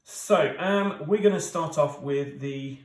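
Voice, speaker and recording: This British man in his thirties hosts a solo board game playthrough, taking it slowly in a higher-pitched voice and speaking casually to viewers with frequent fillers. The audio is poor, with an echoey room.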